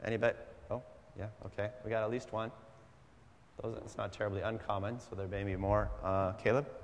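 A man preaching a sermon at a church service, animated and conversational, wandering into asides, in a hall with long reverb. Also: lowish voice, a little fast, slight background noise. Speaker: pastor.

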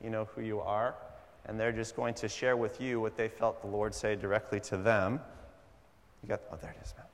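A man preaching a sermon at a church service, animated and conversational, wandering into asides, in a hall with long reverb. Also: lowish voice, normal speed. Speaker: pastor.

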